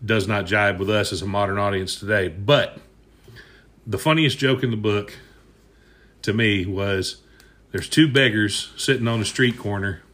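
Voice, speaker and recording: A man's voice: lowish voice, a little slow, a bit bright. Folksy chuckling man telling jokes. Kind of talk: casual joke-telling chat.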